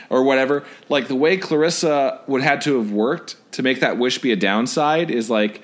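A man's voice: mid-range voice, lively intonation, brisk, fairly bright tone. A man co-hosting a podcast, chatting casually and rambling through jokes and stories. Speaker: podcast co-host. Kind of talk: casual chat.

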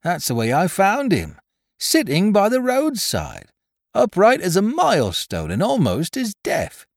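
A man's voice: high-pitched, huge pitch swings, a little slow, gravelly, no room sound, clean studio sound, voice pushed up, full character voice. A man voicing a good-natured carrier who speaks up heartily. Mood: hearty. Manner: hearty, raised and loud.

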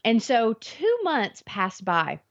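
A woman's voice: fairly high pitch, big pitch swings, takes it slowly. Earnest woman telling a faith story. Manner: earnest, vivid retelling with acted inner thoughts. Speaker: interview guest. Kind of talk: personal faith testimony storytelling. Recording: dull lo-fi audio.

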